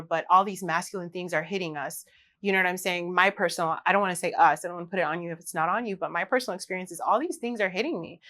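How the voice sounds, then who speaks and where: A woman's voice: mid-range voice, a bit bright. A woman, hosting a candid, confessional solo podcast and talking straight to her listeners. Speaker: podcast host.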